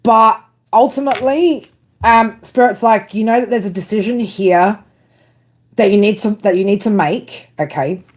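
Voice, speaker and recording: A woman's voice: medium pitch, normal speed. A woman doing a live tarot reading, blunt and casual, swearing often and talking straight to her viewers by name. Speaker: tarot reader.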